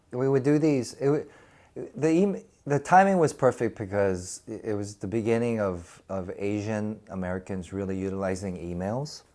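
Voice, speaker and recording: A man in his forties telling stories casually in a podcast interview, animated and laughing often as he acts out quoted voices. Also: fairly low pitch. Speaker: actor and podcast host.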